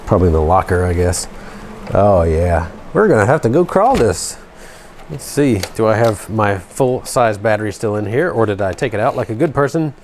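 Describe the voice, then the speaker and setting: A low-pitched man from Georgia talks casually at his workbench, cracking self-deprecating jokes between small fixes. A faint hiss of noise sits under his voice. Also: animated, normal speed, a little mellow. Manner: joking, self-deprecating, talks while tinkering. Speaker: RC hobby channel host. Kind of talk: casual workshop chat.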